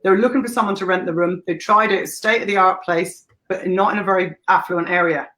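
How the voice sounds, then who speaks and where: An Irish woman in her thirties speaks on the low side with a steady tone, a little fast and a bit bright, on a low-quality recording. As a guest in a casual interview, she tells stories candidly, swearing freely and laughing often.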